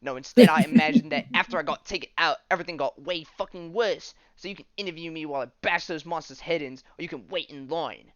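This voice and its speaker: A man's voice: a little high, fast talker, hardly any pauses, no echo, muffled recording, voice pushed up, natural voice. A man voicing a brash, swearing female monster hunter with mock British slang. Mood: boastful.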